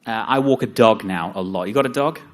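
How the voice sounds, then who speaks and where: A man's voice: lowish voice, brisk. Joking man giving a seminar talk. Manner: joking, self-deprecating, lively asides. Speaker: seminar speaker. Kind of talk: live seminar talk with audience.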